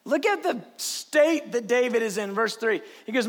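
A man preaching a passionate sermon, swinging between shouting and hushed, lowered speech. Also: animated, moderate pace, few pauses.

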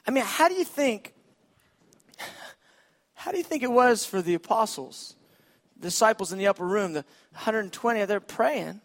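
Animated male pastor with a high voice, moving from loud to hushed. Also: moderate pace, long pauses. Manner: animated, swings from shouting to hushed. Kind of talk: sermon.

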